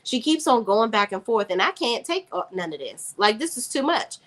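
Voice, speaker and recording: This is a woman retelling the lines of a man who is sick of being strung along. He sounds exasperated and worn out. Her pitch moves widely as she reads him. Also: big pitch swings, moderate pace, fairly bright tone. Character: fed-up man tired of romantic games.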